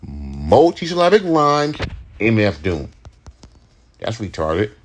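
A young man with a fairly low voice talks in a loose, late-night podcast monologue. He rants and rambles with plenty of swearing and false starts. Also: animated, a little slow, darkish tone, slight background noise. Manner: profane, ranting, rambling with restarts. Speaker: podcast host, rapper.

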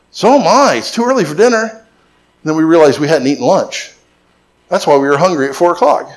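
A man's voice: on the high side, a little mellow. Emphatic storytelling preacher man. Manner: storytelling preacher, joking asides, emphatic repetition. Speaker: pastor. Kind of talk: sermon.

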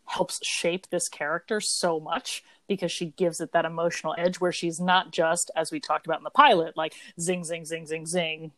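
A woman's voice: fairly low pitch, steady tone, moderate pace, hardly any pauses, fairly bright tone, dry recording. A woman in her thirties, co-hosting a podcast, chatting at length in a rambling, think-aloud way. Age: 30s. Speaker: podcast co-host. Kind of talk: casual chat.

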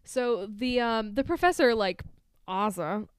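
A woman's voice: on the high side, lively intonation, unhurried, clean tone, no echo. A young woman co-hosting a podcast, recapping a film in a laid-back, joking way with lots of fillers, on a close mic. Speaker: podcast co-host. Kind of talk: casual chat recapping a film.

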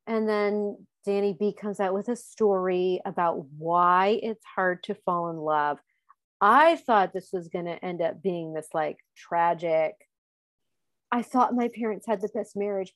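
A woman's voice: mid-range voice, dry recording. Woman podcast co-host, casual and chatty, laughs easily, dry close mic. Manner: chatty, laughs often, acts out quotes. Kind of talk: casual chat recapping a TV show.

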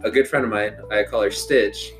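A man's voice: fairly low pitch, steady tone, moderate pace, faint music behind. A young man in casual chat, telling a loose, profane story among friends.

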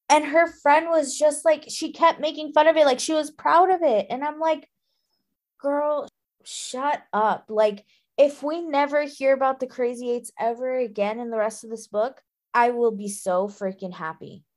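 A woman co-hosting a casual book podcast, animated and indignant, thinking out loud with lots of "like". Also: fairly high pitch. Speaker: podcast co-host.

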